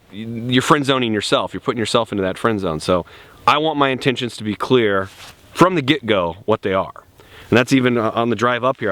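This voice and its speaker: A man's voice: mid-range voice, a bit bright. A young man giving blunt, profane dating advice in a casual outdoor vlog. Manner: blunt and profane, laid-back. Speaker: dating coach.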